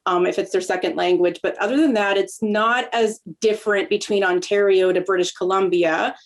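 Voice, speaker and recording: A woman's voice: mid-range voice, fairly even intonation, normal speed. A middle-aged woman from Canada hosting a podcast, telling stories chattily and laughing often. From Southern Alberta, Canada. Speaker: podcast host. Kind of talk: casual conversation.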